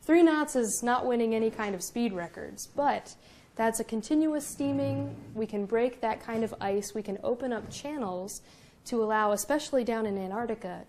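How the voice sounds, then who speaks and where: Lively young woman giving a lecture. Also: fairly high pitch, moderate pace. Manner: lively storytelling with self-mocking humor. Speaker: Coast Guard officer giving a public lecture. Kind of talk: public lecture with anecdotes. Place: museum lecture room.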